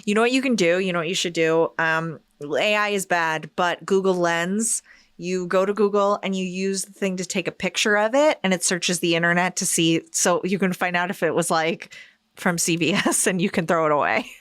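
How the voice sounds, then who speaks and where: A woman's voice: on the low side, normal speed, a bit bright, no echo, clean studio sound. A woman co-hosting a comedy podcast, teasing and tossing out playful questions in casual chat. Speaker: podcast co-host.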